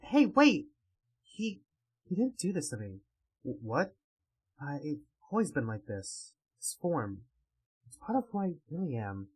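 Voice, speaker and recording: Casual: guy reading shy soft-spoken young woman, hesitant and gentle. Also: a little high, very animated, measured pace, pauses often, slightly rough, exaggerated voice, low-quality recording. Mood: earnest.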